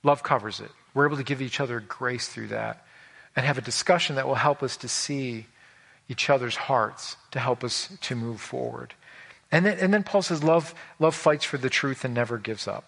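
A man preaching a conversational sermon, telling personal stories in an animated, folksy way with frequent repetitions and restarts. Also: medium pitch, moderate pace, vocal fry. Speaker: pastor.

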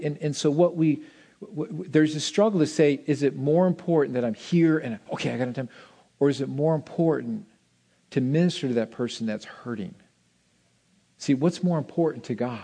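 Male pastor delivering a lively sermon, higher-pitched voice, punchy emphasis and hushed asides. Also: moderate pace, husky. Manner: animated, swinging between loud emphasis and soft asides.

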